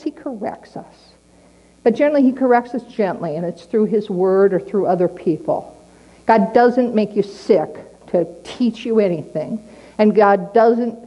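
A middle-aged woman preaching a sermon in a plainspoken, earnest way, repeating key lines slowly for emphasis. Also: fairly high pitch, lo-fi sound.

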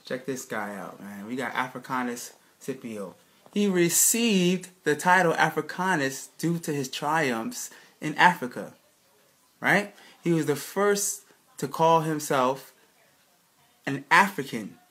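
Speaking slowly in a somewhat high, animated, fairly bright voice, this man lectures casually over slides. He's emphatic, fires off rhetorical questions, restarts sentences, and keeps checking with his listeners by asking "right, people?"

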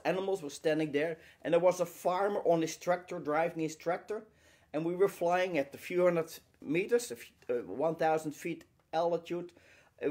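Man, slightly high voice, inspirational lecture, emphatic, rhetorical questions, short repeated phrases. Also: a little mellow. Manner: pauses between short phrases.

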